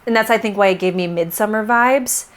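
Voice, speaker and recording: A woman talking in a casual, animated way as she reviews a film, laughing often and acting out lines in quick little voices. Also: mid-range voice. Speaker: theater review vlogger.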